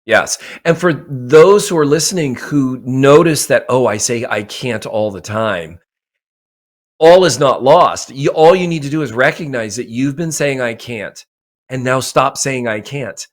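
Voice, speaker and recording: A man's voice: medium pitch, unhurried. A man speaking as a podcast guest and mindset coach, talking emphatically and repeating phrases for effect. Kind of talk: motivational interview talk.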